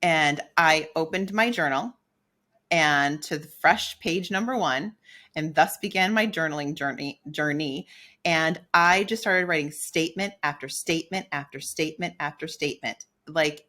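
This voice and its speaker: A middle-aged woman co-hosting a podcast, telling a personal story in a candid, animated way and acting out her own inner dialogue. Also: deep voice, normal speed. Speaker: podcast co-host.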